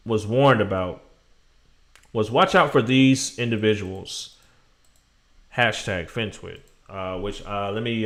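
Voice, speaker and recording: A man's voice: lowish voice, fairly bright tone. A man hosting a live stream, talking casually and rambling animatedly to his viewers.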